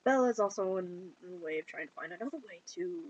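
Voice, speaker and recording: A woman retelling a film plot in casual chat, giggling and slipping into quick put-on voices for the characters. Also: lowish voice, animated, a little mellow, husky, highs cut off. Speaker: movie reviewer.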